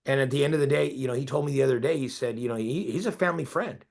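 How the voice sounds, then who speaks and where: An emphatic man coaching a room of agents at an ordinary mid-range pitch. He keeps pressing his listeners for agreement with pointed questions. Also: very fast, gravelly, few pauses. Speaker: real estate coach. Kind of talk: coaching talk to a group.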